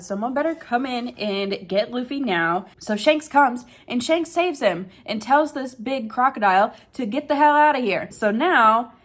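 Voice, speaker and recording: Woman, casual manga recap, chatty, emotional, lots of "like", mid-pitched voice. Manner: chatty and emotional, says "like" a lot. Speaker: video creator recapping a manga chapter.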